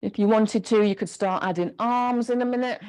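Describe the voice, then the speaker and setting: A woman instructor leading a gentle guided exercise class, encouraging and giving step-by-step movement cues. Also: fairly high pitch, moderate pace.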